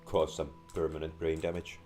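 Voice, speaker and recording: A young man with a sore throat and a deep, raspy voice, giving deadpan gameplay commentary. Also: moderate pace. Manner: deadpan, crude jokes. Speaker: gamer. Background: faint game music and keyboard typing.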